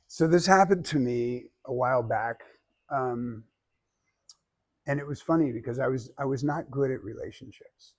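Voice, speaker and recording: A man with a husky, mid-range voice gives a public speaking class a demonstration speech. He stays animated and joking and speaks straight to his listeners. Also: medium pitch, normal speed. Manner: animated and joking, addressing the audience directly.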